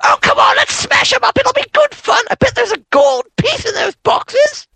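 A man voicing a mischievous child from a video game, shouting and wheedling in a very high voice. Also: normal speed, vocal fry, no echo, heavily acted. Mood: egging on. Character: mischievous child in a video game who urges smashing things.

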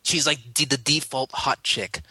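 A man's voice: medium pitch, a little slow, bright, forceful tone, husky, no room sound. A man co-hosting a casual podcast, rambling with sarcastic asides. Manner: rambling, hesitant, lots of fillers and restarts, sarcastic. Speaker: podcast co-host. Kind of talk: casual chat.

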